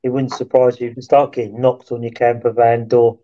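Flat-voiced man in casual chat. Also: medium pitch, fairly quick, dull audio. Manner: brief, affirming interjections.

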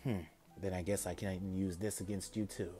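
A man voicing a calm, self-assured eight-year-old demon boy in a quiet, measured way. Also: slightly rough. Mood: cool. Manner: calm, low, measured delivery.

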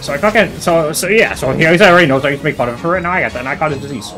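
Man, gaming streamer, rapid talk, lots of swearing, loud outbursts. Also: a little high, over music. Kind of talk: excited gameplay chat.

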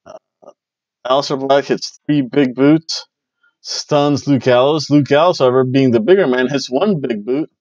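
A man's voice: medium pitch, normal speed, a little mellow, no echo, lo-fi sound. A man hosting a casual wrestling review, rambling and joking as he recaps matches. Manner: rambling, jokey, repeats catchphrases.

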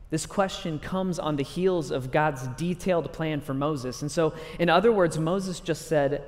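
A man preaching a sermon in an energetic, conversational way, acting out scripture stories. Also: fairly high pitch, a little slow, long reverb tail. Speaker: pastor.

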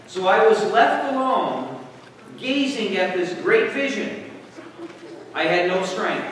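A high, lively male preacher with a bright, ringing tone, putting questions to his congregation as he works through the story. He is caught on a camera microphone from far off in a church hall, with long reverb and a faint hiss behind him. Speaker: pastor. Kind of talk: sermon.

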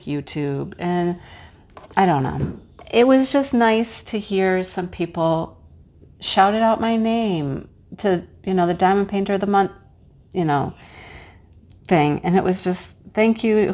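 A middle-aged woman chatting casually while she crafts, her voice hoarse and cracking, sometimes dropping to a hush as she works. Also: lowish voice. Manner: chatty and homey, drops to a hush while placing pieces. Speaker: crafting vlogger and teacher. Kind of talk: casual chat while diamond painting.

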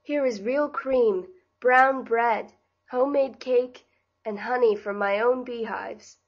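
A woman reading the part of a cheerful, bustling young woman in an audiobook, with a brisk, bright delivery. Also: a little high, lo-fi sound.

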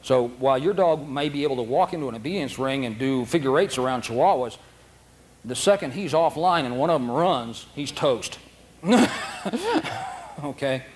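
A medium-pitched man teaches a dog training seminar with folksy energy, animatedly performing dogs' thoughts in silly voices. The lecture survives on a noisy old video tape.

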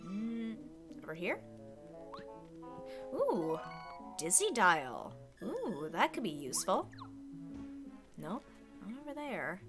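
A woman's voice: medium pitch, huge pitch swings, slow, pauses often, over music. A woman streamer chatting casually through a game, chatty and exclamatory with frequent giggles.

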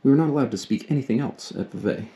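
A man voicing a polite, good-humored teenage boy while reading a storybook aloud, close to his own low voice. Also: quick pace, warm tone, close to an everyday voice. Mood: pleasant. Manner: polite and pleasant.

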